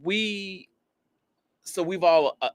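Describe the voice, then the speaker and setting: A man's voice: high-pitched, very slow, gravelly. A man hosting a podcast in casual chat, steering the talk and pressing his point. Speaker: podcast host.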